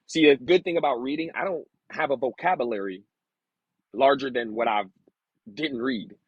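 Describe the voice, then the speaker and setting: A man reading aloud slowly, sounding out hard words, then talking candidly and casually about his past. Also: medium pitch, slightly rough, dry recording, dull audio. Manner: slow halting sounding-out of words, then candid rambling asides. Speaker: vlogger learning to read.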